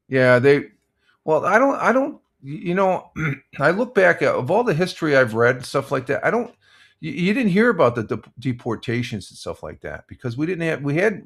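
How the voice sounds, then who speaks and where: A man's voice: mid-range voice, gravelly. An older American man hosting a casual live stream, rambling with many restarts and giving blunt opinions while reading viewer comments. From United States.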